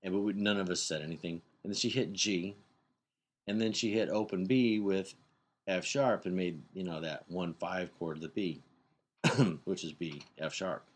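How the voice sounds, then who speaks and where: A man's voice: low voice, moderate pace. A middle-aged man casually telling a rambling story as a podcast host, acting out the voices of the people he quotes.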